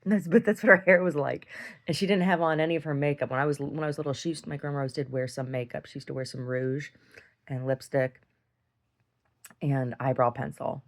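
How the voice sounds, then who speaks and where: A woman's voice: low-pitched, steady tone, fast talker. A woman telling a long story in a casual video diary, rambling, restarting her sentences and laughing often as she talks. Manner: laughs often while talking. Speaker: video diarist.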